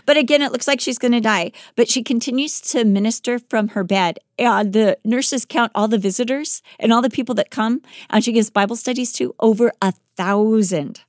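A woman podcast host telling a life story in a lively, dramatic way, acting out the quoted lines. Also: fairly high pitch, normal speed, hardly any pauses, no echo, studio quality. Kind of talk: animated storytelling.

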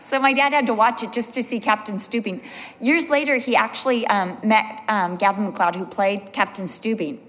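A woman's voice: mid-range voice, moderate pace, fairly bright tone. A woman teaching a Bible study in an earnest way, building points through emphatic repetition. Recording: long hall reverb.

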